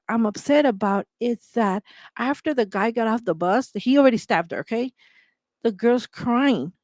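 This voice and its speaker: A woman's voice: fairly high pitch, no room sound. Impassioned woman host, dry close sound. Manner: emphatic, repetitive, rhetorical questions, heated. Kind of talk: impassioned commentary monologue.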